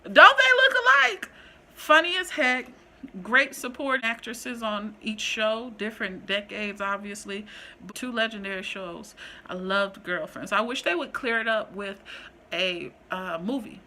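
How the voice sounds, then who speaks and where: A woman vlogger chatting casually and rambling through a ranked list, animated and full of slang. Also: medium pitch, a little slow. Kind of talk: casual chat, ranking list.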